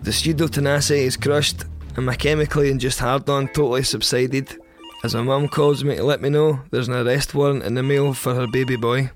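Young Scottish male storyteller, deadpan and crude, mid-range voice. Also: mid-range voice, a little fast, faint music behind. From Scotland. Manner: wry, deadpan, crude humour. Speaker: podcast storyteller. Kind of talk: first-person comic storytelling.

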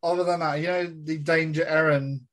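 A man's voice: a little high, fairly even intonation, a little fast, a bit bright. A young man co-hosting a podcast in casual chat, laughing often as he tells stories. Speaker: podcast co-host.

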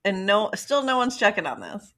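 A woman co-hosting a podcast in casual chat, with wry quick reactions and frequent laughter. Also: medium pitch, big pitch swings, bright, forceful tone. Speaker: podcast co-host.

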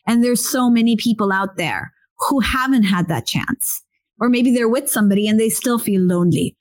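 A woman hosts a podcast about self-love and relationships. She speaks at a mid pitch in an effusive way and keeps repeating phrases as she asks her guests questions. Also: normal speed. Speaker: podcast host. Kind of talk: casual podcast interview.

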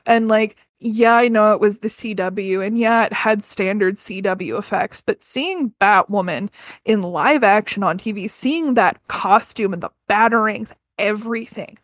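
A woman's voice: medium pitch, a little slow, no room sound. Candid woman in her thirties, dry sound. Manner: earnest and candid, swears freely, many restarts. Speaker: podcast guest. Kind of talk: casual personal storytelling.

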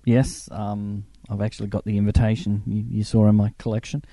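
A middle-aged man, a former film crew member, telling lively anecdotes in a casual interview and acting out the voices of the people he quotes. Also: fairly low pitch, fairly quick, no echo.

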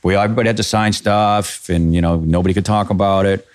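A man with a fairly low voice, a pyro designer talking as a guest. He tells his story bluntly and with energy and swears freely, and he acts out both sides of the arguments. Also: steady tone, fast, clear, resonant tone. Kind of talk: casual storytelling interview.

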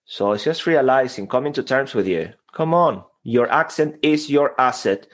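A man's voice: mid-range voice, animated, normal speed. A man whose first language is Spanish, speaking earnestly as a motivational guest in a podcast interview. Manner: earnest, motivational, self-deprecating.

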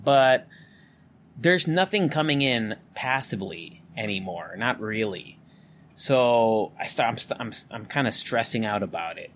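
A man's voice: mid-range voice, expressive, a little slow, a bit bright, a little hiss or hum. A man with a neutral American accent hosting a solo podcast from his home, talking candidly and loosely, swearing freely. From Philippines. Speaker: podcast host. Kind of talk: casual solo podcast monologue. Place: home room with electric fan running. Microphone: studio condenser mic.

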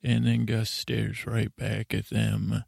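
A man's voice: lowish voice, completely flat delivery, slow, vocal fry, a little mellow, husky, dry recording, clean studio sound. A man hosting a bedtime podcast, recapping a show in a meandering, drowsy way with lots of filler words. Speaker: podcast host. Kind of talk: rambling bedtime episode recap.

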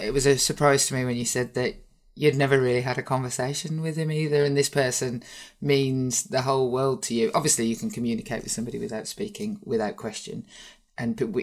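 A woman with a Birmingham accent hosting a podcast interview, chatty and often laughing as she talks. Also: a bass voice. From Birmingham, England. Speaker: podcast host. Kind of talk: casual interview chat.

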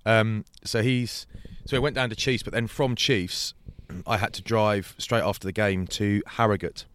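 A man's voice: lowish voice, steady tone, unhurried, fairly bright tone, a little hiss or hum. Slangy man telling stories. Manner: rambling storyteller, swears, slangy. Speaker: podcast host. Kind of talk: casual anecdotal chat.

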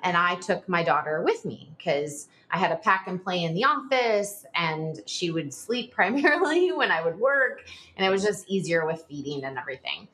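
A woman's voice: on the low side, normal speed. A middle-aged woman, a podcast guest, telling a personal story in an interview, full of "like" and acting out past conversations. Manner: animated, frequent filler "like", reenacts dialogue.

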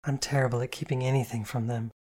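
An audiobook reader voicing a shy, polite young woman who speaks softly and apologetically, in a storybook reading. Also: mid-range voice, steady tone, fast talker, slightly rough, natural voice. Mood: earnest. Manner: soft-spoken and apologetic.

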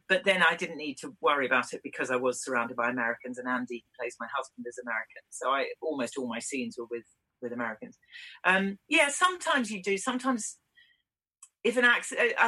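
A woman from Britain talks through her acting work in a relaxed interview, her voice bright and a little husky. She thinks aloud, laughs lightly and restarts her sentences as she goes. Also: deep voice, poor audio. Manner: thoughtful, chatty, laughs often, many restarts. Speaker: actress guest. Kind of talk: conversational interview answers.

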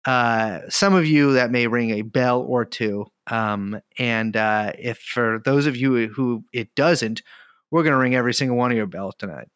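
A man's voice: mid-range voice, moderate pace, fairly bright tone, clear, resonant tone, no room sound, studio quality. Sardonic, profane podcast host, a man. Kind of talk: casual chat.

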